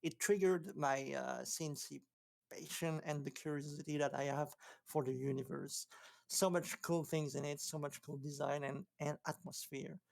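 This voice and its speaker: Gravelly voice on a stream call, mid pitch, excited fan, kinda halting. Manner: enthusiastic fan, slightly halting phrasing. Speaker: community roundtable panelist. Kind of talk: casual panel chat on a stream.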